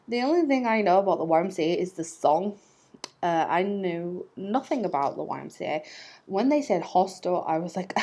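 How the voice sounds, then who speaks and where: A woman's voice: lowish voice, lively intonation, unhurried, pauses often, darkish tone. A young woman telling a personal story to camera in a chatty, rambling way, laughing at herself. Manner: chatty and rambling, with fillers and self-mocking laughs. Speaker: vlogger.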